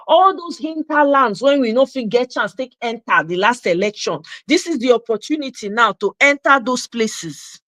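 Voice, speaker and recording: A Nigerian-accented woman hosts a political talk show, ranting with heat and switching into Pidgin mid-sentence. Her voice sits fairly high for a woman. The sound is close and dry, with no room echo. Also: animated, moderate pace, hardly any pauses, a bit bright. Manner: passionate ranting, mixing Nigerian Pidgin into English. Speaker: host. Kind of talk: live political commentary show.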